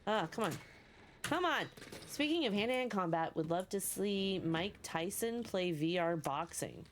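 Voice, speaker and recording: A woman streaming a game live, chatting casually and cheering her character on. She is sleepy but excitable, with a mid-pitched voice, and swears often. A faint hum of noise sits under her voice. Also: unhurried. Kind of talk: casual live gameplay commentary.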